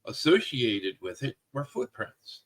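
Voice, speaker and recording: A man with a medium-pitched voice hosts a podcast and chats casually. He rambles and pauses on fillers as he recalls things. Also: sing-song, a bit bright, poor audio. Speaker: podcast host. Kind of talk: casual chat.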